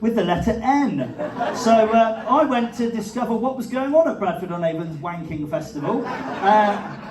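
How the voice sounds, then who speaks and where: A higher-voiced man doing stand-up, chatty and quick to laugh at himself. The sound is roomy and distant, caught from across the venue. Audience laughter rolls in behind him. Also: expressive, a crowd in the background. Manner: chatty, self-mocking, laughs at his own jokes. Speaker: stand-up comedian. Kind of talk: live stand-up set. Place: live comedy venue with an audience.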